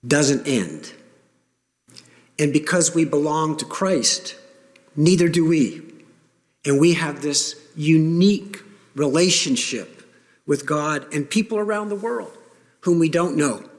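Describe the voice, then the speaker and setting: Male pastor, slightly higher voice, emphatic sermon delivery, long church-hall reverb. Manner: earnest, emphatic preaching with pauses. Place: church sanctuary.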